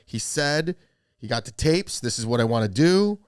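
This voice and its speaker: A man's voice: medium pitch, lively intonation, normal speed, clean tone, no room sound, clean studio sound. A man hosting a podcast who presses his guest with questions and urges listeners to take notes. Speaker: podcast host. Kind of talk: interview.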